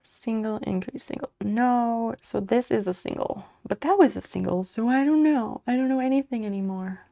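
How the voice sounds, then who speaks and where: Gravelly, mellow-voiced woman streamer. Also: on the high side, moderate pace. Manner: mutters and swears under breath while working; chats back to viewers' messages. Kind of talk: casual livestream chat while crocheting.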